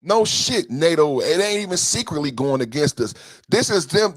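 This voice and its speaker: A man's voice: a little high, sing-song, normal speed, husky, no echo, studio quality. A young man hosting a political podcast, ranting with slang and swearing and repeating his lines for emphasis. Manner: profane and slangy. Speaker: podcast host. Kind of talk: heated political commentary.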